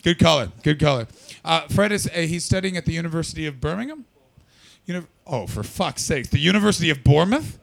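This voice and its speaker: Hoarse guy doing stand-up, sweary, kinda high gravelly voice, talks to the crowd a lot. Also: animated, fast. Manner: loud, swearing, jumps into a shrieking high register for bits. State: losing his voice. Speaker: stand-up comedian. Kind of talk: stand-up comedy set with crowd work.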